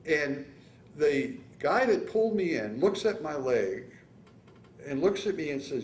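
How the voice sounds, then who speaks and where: A man in his seventies from San Francisco, telling his war story in an oral history interview, with halting restarts and acted-out quotes. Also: a little high, expressive, echoey room, slight background noise. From San Francisco, California. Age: 70s. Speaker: veteran interviewee.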